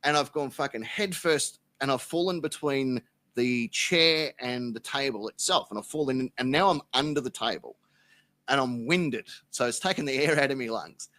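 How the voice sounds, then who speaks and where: A man's voice: medium pitch, animated, normal speed, a bit bright, no echo. An Australian man, a podcast guest, telling a rambling, profane anecdote in casual chat. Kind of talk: casual storytelling.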